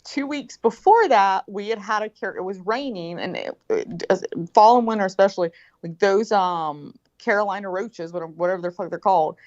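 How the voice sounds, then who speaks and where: A middle-aged woman telling a story in casual chat, animated and profane, acting out what people said. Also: mid-range voice, brisk, hardly any pauses. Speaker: guest. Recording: dull lo-fi sound.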